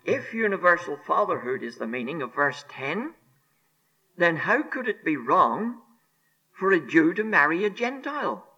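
A man preaching a sermon on scripture, emphatic and deliberate, repeating key phrases and sinking to a hushed near-whisper on solemn words. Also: a little high, sing-song, breathy edge, lo-fi sound. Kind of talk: expository sermon.

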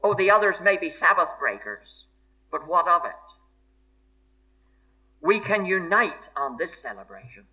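A man's voice: sits high, sing-song, unhurried, pauses often, sharp tone. A man preaching a sermon in an earnest, emphatic way, repeating key phrases for stress. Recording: dull lo-fi sermon recording.

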